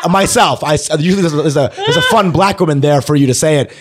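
A man who works as a stand-up comedian, telling stories in casual podcast chat, animated and laughing often, with plenty of swearing. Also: a little high, very fast, noisy background.

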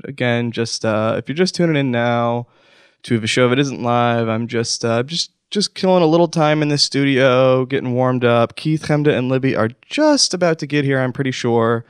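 A man hosting a comedy podcast alone in a studio, rambling and lurching from hushed self-soothing to outbursts. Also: mid-range voice, moderate pace, clean tone, no echo. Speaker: podcast host. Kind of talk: comic solo rant.

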